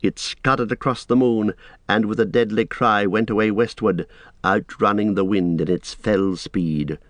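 A man narrating a fantasy audiobook in a measured, steady storytelling manner. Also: on the low side, dry recording.

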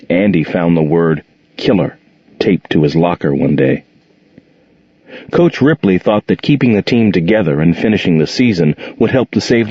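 Male narrator with a husky, low voice for a measured audiobook read, on a dull, dry recording. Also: no room sound. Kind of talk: scripted narration.

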